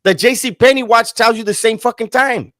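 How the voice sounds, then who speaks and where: A man's voice: very high-pitched, brisk, no room sound, studio quality. A man hosting a live-stream talk, swearing often and mocking the person he talks about. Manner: profane, mocking, animated. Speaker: host. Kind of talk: casual live-stream chat.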